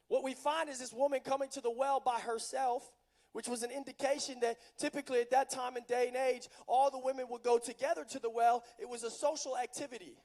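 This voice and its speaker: A man preaching a passionate sermon at a live event, building to loud, urgent delivery. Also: very high-pitched, steady tone, brisk.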